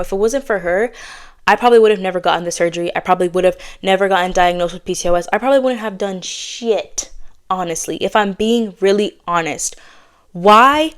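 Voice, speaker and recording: Chatty woman podcaster, smooth voice. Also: medium pitch. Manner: fast, chatty and blunt, with casual slang. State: slightly out of breath. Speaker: podcast host. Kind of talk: candid casual chat.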